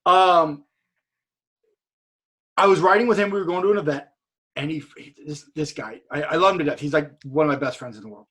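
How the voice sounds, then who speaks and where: A man, a podcast guest, telling a long story in a casual, profane, excitable way over a video call. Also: fairly high pitch, brisk, long pauses, slightly rough.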